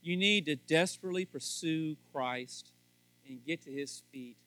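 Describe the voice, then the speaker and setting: Brief: high, bright-voiced man as a pastor preaching fervently, dry close sound. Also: measured pace, no room sound. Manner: rising to loud fervent emphasis, then dropping low; acts out little scenes in voices. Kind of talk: sermon on marriage.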